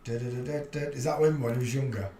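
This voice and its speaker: A man's voice: mid-range voice, fairly even intonation, quick pace, mellow, slight background noise. A man hosting a livestream, talking in a chatty, rambling and blunt way and laughing at his own jokes. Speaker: livestream host. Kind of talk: casual livestream commentary. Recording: roomy echo.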